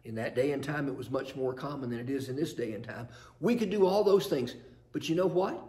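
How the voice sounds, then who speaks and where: A man's voice: medium pitch, a little fast, darkish tone. Earnest male pastor preaching. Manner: earnest, storytelling, rhetorical questions. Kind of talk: sermon. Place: chapel.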